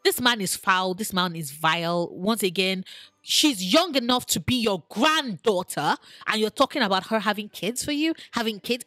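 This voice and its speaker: A woman chatting casually to camera as an online creator, animated and exclamatory, talking straight to the people she discusses. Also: medium pitch, moderate pace, no echo, soft background music. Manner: animated, exclamatory, addresses characters directly. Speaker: online video creator ranking TV characters.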